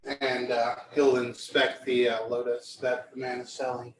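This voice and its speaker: A man's voice: medium pitch, little pitch movement, measured pace. Male player, heard from afar in a roomy space, casual narration. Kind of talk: describing a character in a tabletop game. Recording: echoey, distant mic with faint noise.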